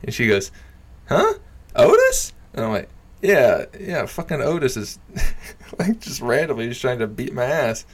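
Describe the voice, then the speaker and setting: A young man casually telling a story, swearing freely, laughing often and dropping into low mutters. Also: expressive, moderate pace.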